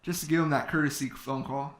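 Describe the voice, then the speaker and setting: A man's voice: on the high side, fairly even intonation, quick pace. Man telling a story in an echoey hall. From California. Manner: quoting others in his own voice, with many fillers. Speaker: speaker telling a personal story. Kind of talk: storytelling talk to an audience.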